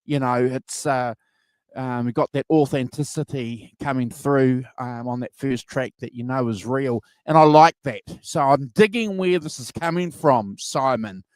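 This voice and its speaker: A man's voice: medium pitch, unhurried, no room sound. Chatty rambling male podcast host. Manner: rambling, filler-heavy, enthusiastic. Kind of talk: casual music review chat. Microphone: video call.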